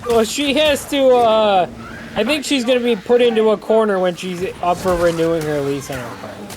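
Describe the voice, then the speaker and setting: A man's voice: high voice, animated, brisk. Man arguing his point over noise. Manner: argumentative, explains with examples. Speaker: podcast co-host. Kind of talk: casual chat while gaming.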